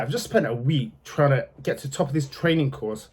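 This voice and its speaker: A young man tells his own story to camera in a blunt, casual way, swearing freely and moving between anger and quiet regret. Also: mid-range voice, animated, fairly quick, breathy edge.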